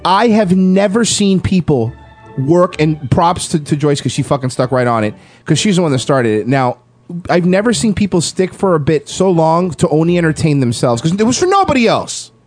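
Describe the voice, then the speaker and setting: A man with a fairly high voice tells a story in casual podcast chat. He swears freely and laughs along as he goes. The sound is close and dry, with no room around him. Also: lively intonation, moderate pace, darkish tone, dry recording, faint music behind. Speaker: podcast co-host.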